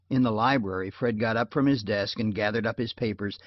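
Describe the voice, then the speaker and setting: A man narrating a detective novel audiobook in a measured, wry storytelling manner. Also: fairly low pitch, no room sound. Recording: dull lo-fi dry recording.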